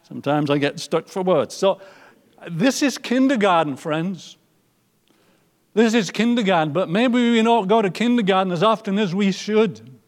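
High-voiced preacher, loud then hushed. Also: male voice, expressive, moderate pace, big-room sound. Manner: swings from loud emphatic lines to soft near-whispers. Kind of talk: sermon.

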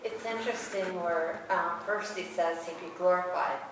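A woman's voice: fairly low pitch, normal speed. A woman in a study group, adding thoughtful conversational remarks. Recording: distant, very echoey, noisy room.

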